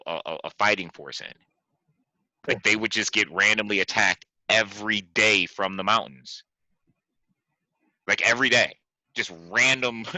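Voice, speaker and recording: A man hosting a podcast, casually chatting about movies, animated and laughing, often repeating himself. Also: low voice, no echo, poor audio. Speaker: podcast host.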